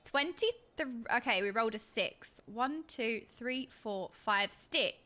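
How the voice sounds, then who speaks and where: A woman's voice: high voice, very animated, measured pace, pushed and bright. A young woman streaming a game, chatting playfully and chanting silly words in a sing-song way. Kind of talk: casual live-stream chatter.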